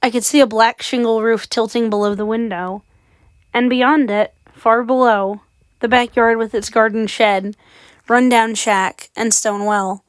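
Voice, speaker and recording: A woman's voice: on the high side, steady tone, unhurried, no echo. A woman reading a horror story aloud with dramatic, suspenseful narration. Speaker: audiobook reader.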